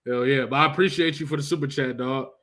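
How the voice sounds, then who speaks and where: Bright-voiced young man, slangy livestream talk. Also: mid-range voice. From Arizona. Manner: loose, slangy, keeps saying "you feel me". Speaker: livestream host. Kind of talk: casual livestream chat.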